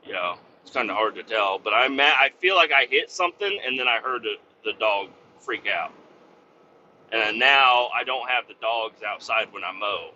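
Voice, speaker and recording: Host, male, sharp bright voice, swears and rambles, slightly muffled lo-fi recording. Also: on the low side, expressive, normal speed, slight background noise. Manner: profane, rambling, full of fillers. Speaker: podcast host. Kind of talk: casual rambling monologue.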